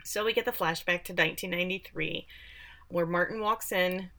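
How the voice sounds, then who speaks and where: A woman from Texas co-hosting a podcast, giving a sarcastic, animated recap of a show and acting out the quotes. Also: on the low side, fairly quick. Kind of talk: casual chat.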